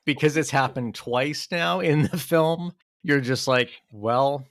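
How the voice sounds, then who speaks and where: A man's voice: on the high side, unhurried, noisy background. A man co-hosting a podcast, chatting about a film in a laid-back way with chuckling asides. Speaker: podcast co-host. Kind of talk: casual chat recapping a film.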